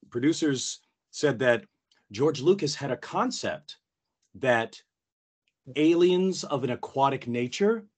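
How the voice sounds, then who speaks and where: A man's voice: mid-range voice, slightly rough. A man who is a guest voice actor, chatting animatedly in an interview. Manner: animated, tells stories with quoted voices. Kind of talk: casual interview chat.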